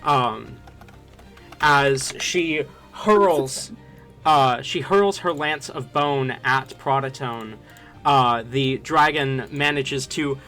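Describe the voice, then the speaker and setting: Man, game master, slow bright voice with many ums, faint music behind. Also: medium pitch. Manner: slow, halting narration full of fillers. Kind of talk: narrating a tabletop game.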